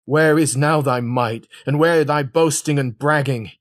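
A man's voice: fairly high pitch, unhurried, no room sound, studio quality. A man reading an old sermon aloud in a solemn, dramatic preaching manner. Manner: solemn, dramatic, shifting pace. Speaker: sermon reader.

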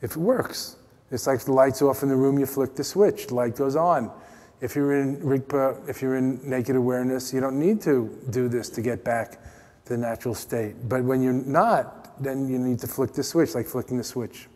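An American man giving a playful, teasing meditation talk at a retreat, his voice dropping to soft, quiet tones. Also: medium pitch, normal speed. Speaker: meditation teacher. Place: retreat meeting hall. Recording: long hall reverb.

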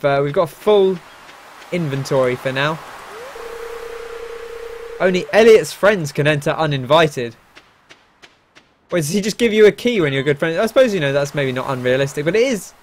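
A man's voice: a little high, lively intonation, moderate pace, pauses often, slight background noise. A young man casually commenting on a video game as host, chatty with wry asides. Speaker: let's play host.

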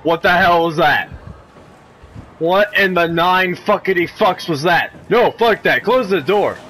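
A man's voice: high voice, measured pace, fairly bright tone, a little hiss or hum. A man giving let's-play commentary on a horror game, jumpy and nervous, swearing a lot and talking to himself in nervous rambles. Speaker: video game player.

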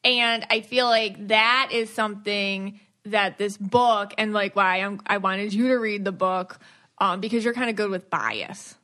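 A woman's voice: medium pitch, unhurried, sharp tone. A woman hosting a podcast in casual chat, playful and chatty, laughing often. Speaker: podcast host.

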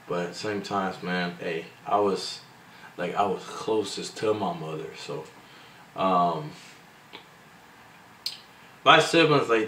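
Halting, slangy young-sounding man vlogging. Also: low voice, fairly bright tone. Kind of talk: casual heartfelt vlog talk. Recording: echoey room, mic at a distance, faint background noise.

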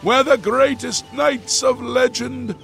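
A grim old prophet declaims his warnings in a high, gravelly voice. He speaks slowly and weightily, now and then breaking into shouts. Faint game music plays behind him. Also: steady tone, full character voice. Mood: solemn. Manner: grave, declaiming, prophetic, chants ancient words. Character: grim old male prophet of doom, solemn. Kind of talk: video game voice acting.

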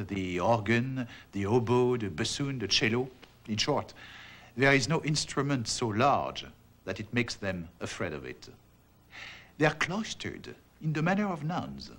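A man's voice: mid-range voice, lively intonation, a little slow, a bit bright. Man reading as an admiring 18th-century traveler. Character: 18th-century male French visitor describing music. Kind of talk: documentary quote reading.

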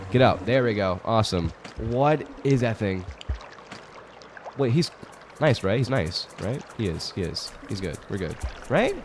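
A young man commenting on his own play of a hard game, mumbling one moment and shouting and swearing the next. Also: lowish voice, expressive, measured pace, faint music behind. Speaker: gaming streamer. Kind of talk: reactive gameplay commentary.

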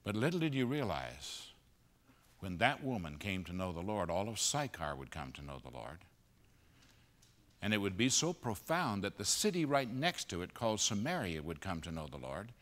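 A man delivering a conference sermon on a stage microphone, his low voice swooping widely in pitch. His tone is bright and forceful. He surges to loud emphatic peaks, then drops to hushed, grave lines. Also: very animated, normal speed. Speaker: pastor preaching at a conference. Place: conference auditorium.

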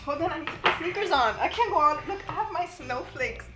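A sick, out-of-breath woman chatting excitedly in a beauty vlog, coughing and sighing. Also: sits high, fast. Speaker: beauty vlogger. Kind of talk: casual vlog chat. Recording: echoey room with background music.

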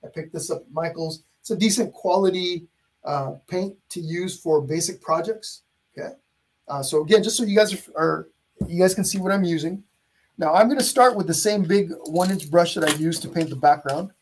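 Male art instructor, live stream, friendly and chatty, slightly higher voice with a husky edge. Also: moderate pace. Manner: chatty, greets viewers by name. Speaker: painting instructor. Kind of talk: live-streamed painting lesson.

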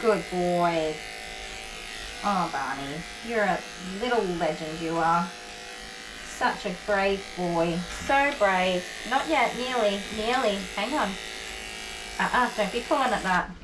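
A woman's voice: mid-range voice, animated, slow, noisy background. Soothing woman groomer, echoey room. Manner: soothing, repetitive praise, chatty. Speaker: dog groomer. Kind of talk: talking to a dog while grooming, asides to viewers. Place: grooming salon. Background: electric clippers buzzing.

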